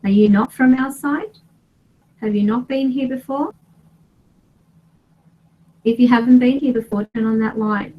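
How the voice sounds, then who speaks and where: Female ghost-hunting vlogger, husky voice, firm and commanding, dull lo-fi recording. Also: fairly high pitch, a little slow, long pauses. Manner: firm, commanding questions to unseen spirits. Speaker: paranormal investigator. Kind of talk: spirit-box session vlog.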